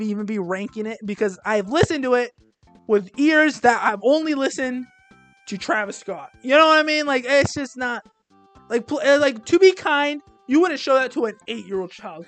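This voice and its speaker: A man's voice: high voice, fairly bright tone. Rambling young man ranking albums. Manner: rambling, halting, self-deprecating, many restarts. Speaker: music reviewer. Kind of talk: casual album ranking monologue.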